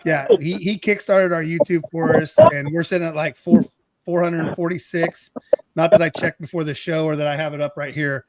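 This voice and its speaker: A middle-aged man hosts a casual livestream show over a video call. His voice sits a little high, and he rambles, apologizes and restarts his sentences often. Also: fairly even intonation, moderate pace, a loud crowd. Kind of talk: casual chat.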